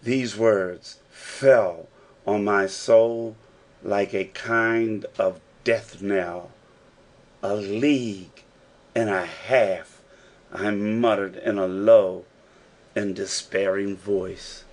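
A man narrating a classic novel as an audiobook, in a measured storytelling manner. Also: fairly low pitch, steady tone. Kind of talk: scripted narration.

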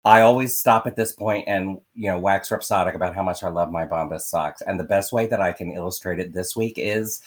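A man from Philadelphia co-hosting a podcast in casual, animated chat with many fillers and asides, also reading an ad. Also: deep voice, fairly quick, few pauses. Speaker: podcast co-host. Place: vacation spot.

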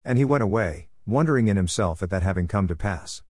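Low-voiced man reading scripture. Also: breathy edge, no room sound, clean studio sound. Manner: steady measured narration. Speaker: scripture reader.

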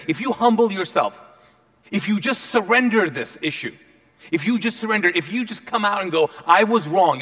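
A male pastor preaching a sermon in an animated, playful storytelling manner. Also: high voice.

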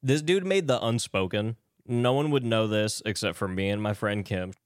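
A man's voice: on the low side, normal speed, dry recording, clean studio sound. A man co-hosting a casual movie podcast, rambling and laughing through his sentences. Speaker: podcast co-host.

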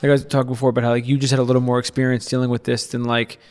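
A man talks quickly as he asks long, winding questions in a casual podcast. His voice sits mid-range, and the recording rings with a long hall-like reverb. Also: mid-range voice, level tone, darkish tone, clear, resonant tone. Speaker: guest co-host asking questions.

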